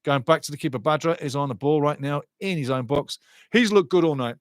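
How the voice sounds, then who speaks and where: A man commentating live on a soccer match for a watchalong stream, excitable and sarcastic, often repeating his phrases. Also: fairly high pitch, fairly quick, no echo, clean studio sound.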